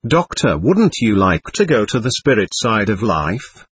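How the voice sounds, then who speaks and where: A man reading the part of a calm, patient male doctor who explains things to a spirit, in a husky voice. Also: lowish voice, unhurried, heavily acted.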